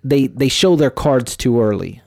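A man's voice: mid-range voice, expressive, normal speed, creaky, darkish tone, dry recording, studio quality. A man hosting a casual podcast, giving relationship advice with brash, profane storytelling.

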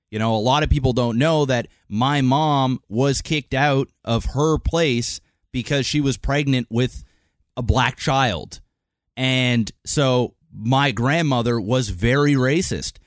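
A man's voice: medium pitch, no room sound, clean studio sound. A man co-hosting a podcast, speaking earnestly and hesitantly about a touchy subject, often restarting his sentences. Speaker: podcast co-host. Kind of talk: casual chat.

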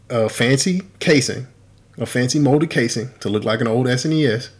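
Profane emphatic podcast co-host man. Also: lowish voice. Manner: emphatic, profane, rising to loud exasperation when worked up. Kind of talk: casual podcast chat.

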